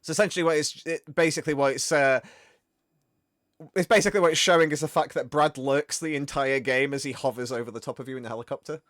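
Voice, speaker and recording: A man hosting a game stream, chatting casually in a rambling, animated way. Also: fairly high pitch, fast, no room sound, clean studio sound. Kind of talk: casual chat.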